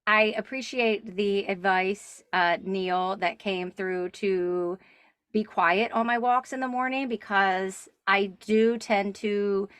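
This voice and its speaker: A woman podcast host responding thoughtfully in casual chat, with a measured way of talking. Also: mid-range voice, fairly even intonation, a bit bright, clear, resonant tone, dry recording.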